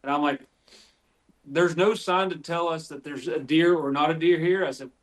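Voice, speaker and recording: A man's voice: fairly high pitch, fairly even intonation, normal speed. A man from West Virginia, a podcast guest, telling tracking stories in a rambling way full of fillers. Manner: rambling, filler-heavy storytelling. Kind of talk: casual chat.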